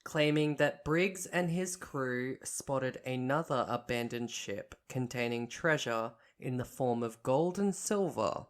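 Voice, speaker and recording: Female podcast co-host, very low voice, unhurried, methodical casual storyteller. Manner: recounts a history case point by point, correcting herself.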